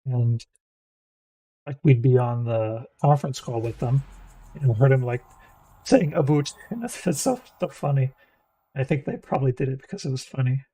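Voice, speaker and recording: A man's voice: medium pitch, moderate pace, pauses often, dark tone, slightly rough, low-quality recording. A young American man with a mild Florida, Midwestern-tinged accent, musing aloud in casual game commentary. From United States. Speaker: gaming streamer.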